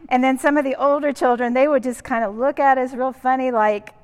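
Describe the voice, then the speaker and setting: A woman earnestly recounting a church mission trip with gentle humor and frequent "um"s, in a church hall. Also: sits high, steady tone, a little fast, clear, resonant tone. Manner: earnest, warm-humored, uses fillers like um and kinda. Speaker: mission trip member sharing stories. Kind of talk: casual storytelling. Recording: reverberant hall.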